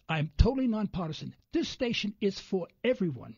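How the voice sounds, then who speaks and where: This New York radio guest spins loose, animated stories and performs the voices of whoever he's quoting. He talks fairly quickly in a high, husky, gravelly voice with wide swoops of pitch. The audio is dry and dull like lo-fi radio, free of echo.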